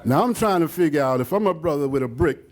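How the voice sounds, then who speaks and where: A man's voice: a little high, expressive, fast talker. An older man, a photographer, rambling through stories about his photos for a live audience, with many fillers and asides. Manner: acts out quotes in other voices. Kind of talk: casual slideshow talk to an audience.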